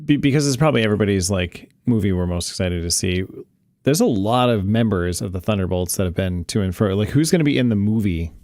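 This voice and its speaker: A man's voice: on the low side, expressive, fast, a little mellow, no room sound, studio quality. A man co-hosting a casual podcast, breaking in with short reactions and joking asides. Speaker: podcast co-host. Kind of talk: casual chat.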